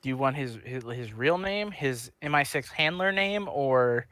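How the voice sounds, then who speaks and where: A man's voice: medium pitch, animated, a little slow, a bit bright. A man co-hosting a casual podcast, blunt and dismissive, with some swearing. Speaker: podcast co-host.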